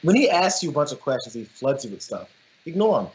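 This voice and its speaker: A man's voice: mid-range voice, big pitch swings, quick pace, a little hiss or hum. A man co-hosting a political commentary show, talking emphatically and often restarting his phrases. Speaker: co-host. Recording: dull lo-fi sound.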